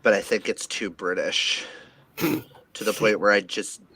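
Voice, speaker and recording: Over a video call with friends, a book vlogger chats casually about books in a lowish, husky voice, a little slow. He's animated, jokey and dramatic, and there's no room sound.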